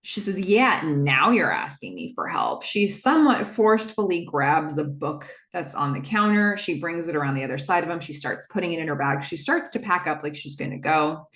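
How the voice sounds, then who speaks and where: Lower-voiced woman talking through a tv episode scene by scene, does little voices for the lines, lots of ums. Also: animated, a bit bright. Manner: acts out quoted lines with a quick shift of pitch; chatty, with fillers and self-corrections. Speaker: podcast host recapping a TV episode. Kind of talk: casual recap narration.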